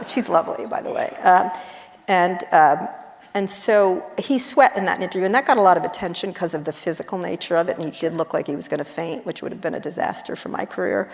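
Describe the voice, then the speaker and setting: Blunt gravelly woman on an auditorium stage. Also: on the low side. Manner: blunt, wry, animated storytelling with quick asides. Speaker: journalist guest on stage. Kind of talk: casual onstage conversation. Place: large university auditorium. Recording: long auditorium reverb.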